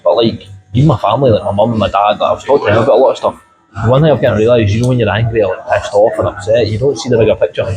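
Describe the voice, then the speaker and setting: A man's voice: lowish voice, rapid-fire, low-quality recording. A man, talking earnestly and rambling in a casual chat. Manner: rambling, filler-heavy, earnest. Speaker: guest. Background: music.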